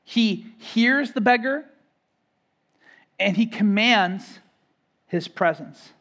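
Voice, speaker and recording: A man preaches a sermon as pastor in a high-pitched voice. He swells louder and higher on key phrases, then drops back soft. He repeats and restarts words as he builds each point. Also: lively intonation, takes it slowly.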